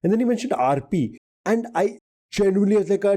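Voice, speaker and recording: Mellow-voiced man chatting on a podcast. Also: high voice, lively intonation, a little fast. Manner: laughs easily, thinks aloud with restarts. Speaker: podcast co-host answering quiz questions. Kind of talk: casual podcast chat.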